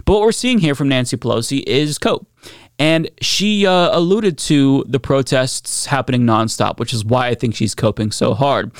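A man's voice: mid-range voice, moderate pace, no echo, studio quality. A man hosting a political commentary show, talking bluntly and sarcastically with frequent profanity.

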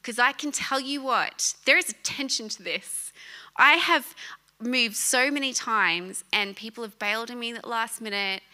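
A woman in her thirties delivers a sermon through animated personal storytelling, often breaking into laughter. Her voice is very bright and sits a little high. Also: clear, resonant tone. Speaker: preacher.

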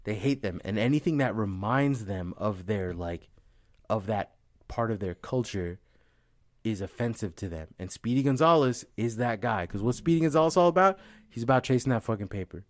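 Young guy from the bay, lowish voice, rambling and swearing, casual podcast banter, dry mic. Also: expressive, moderate pace, no echo. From San Francisco Bay Area. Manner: rambling, profane, many "you know what I'm saying". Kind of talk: casual comedic chat.

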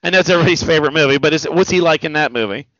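A man's voice: a little high, racing, fairly bright tone, no echo. A man hosting a podcast, chatting loosely about pop culture in a rambling way and swearing freely. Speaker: podcast host. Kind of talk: casual pop culture chat. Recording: dull lo-fi dry recording.

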